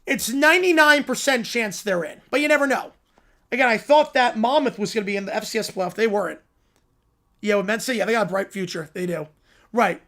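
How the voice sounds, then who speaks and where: A man hosting a live stream, reacting excitedly to college football games and answering his chat. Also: sits high, brisk.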